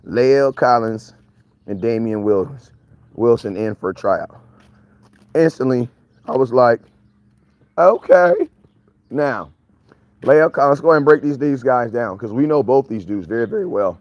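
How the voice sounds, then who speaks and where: Energetic man hosting a live stream. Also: medium pitch, moderate pace, no room sound, lo-fi sound. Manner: energetic, slangy, shouts out viewers by name. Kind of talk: casual live stream chat. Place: outdoors on a morning walk.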